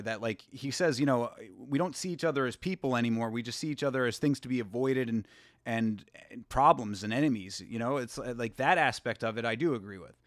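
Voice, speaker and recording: A man hosting a commentary show, speaking in a casual, blunt, profane way with halting restarts. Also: medium pitch, a bit bright, dry recording, studio quality. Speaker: show host. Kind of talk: live commentary on clips.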